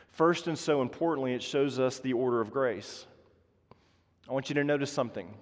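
A man preaching a sermon as pastor, earnest, building to emphatic passages and then falling soft and quiet. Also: mid-range voice. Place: church sanctuary. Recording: long reverb of a large hall.

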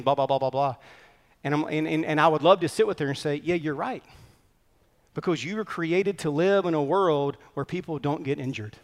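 A man preaching a sermon as pastor, earnest and conversational with quick asides. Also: on the high side, big-room sound. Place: church sanctuary.

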